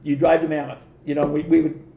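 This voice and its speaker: A man in his sixties recounts his younger days in loose, animated anecdotes, stumbling over restarts and slipping into quoted voices. His voice sits a little high and carries a gravelly edge, and the room around him is echoey. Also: quick pace, lo-fi sound. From Southern California. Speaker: podcast guest. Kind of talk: storytelling in casual chat.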